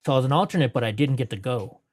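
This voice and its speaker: Medium-pitched, expressive and a little mellow, this forties-aged interview guest talks in a rapid-fire rush. His long stories ramble and self-correct, broken up by laughter, and he does voices whenever he quotes someone.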